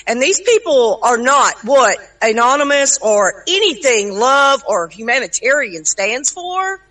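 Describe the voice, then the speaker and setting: A Southern US woman chatting in a group voice call, blunt and honest. Her voice sits high and sounds bright and forward. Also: sing-song, a little slow, low-quality recording. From Southern United States. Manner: blunt, chatty, drawling with y'all. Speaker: chat participant. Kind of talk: casual voice chat.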